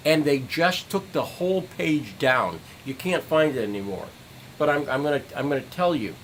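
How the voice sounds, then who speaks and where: A man's voice: a little high, sing-song, unhurried, a little hiss or hum, poor audio. A middle-aged man livestreaming an angry, profane rant, repeating phrases for emphasis. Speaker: citizen journalist streamer.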